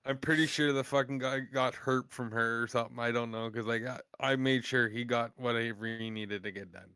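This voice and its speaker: A man telling profane stories in a casual podcast chat, animated and blunt. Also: mid-range voice, a little fast, smooth, no echo. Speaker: podcast host.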